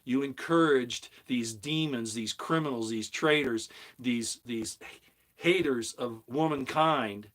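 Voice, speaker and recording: A middle-aged man in full rant on his own channel, his voice at an ordinary male pitch. He preaches and repeats himself for emphasis, building heat as he hammers each point home. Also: slow pace, a bit bright. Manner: heated, preachy, emphatic repetition. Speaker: commentary channel host. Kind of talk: opinionated monologue.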